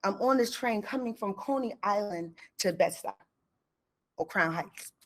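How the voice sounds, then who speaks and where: Woman storyteller, mid pitch, chatty and animated, acts out quotes. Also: unhurried. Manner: lively and conversational, acting out quoted lines. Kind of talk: live personal storytelling.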